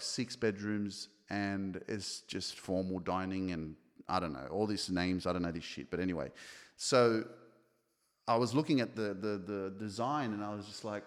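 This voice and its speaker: Brief: man, podcast host, lowish voice, blunt and profane, rambling delivery, long reverb. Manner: blunt, swears freely, many fillers and restarts. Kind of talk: casual motivational monologue. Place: home office.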